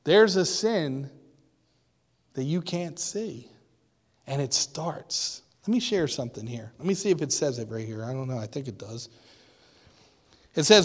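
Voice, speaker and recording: High-voiced man preaching in a reverberant hall. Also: animated, measured pace, long pauses. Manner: emphatic, rising and falling, asks the congregation questions. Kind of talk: sermon.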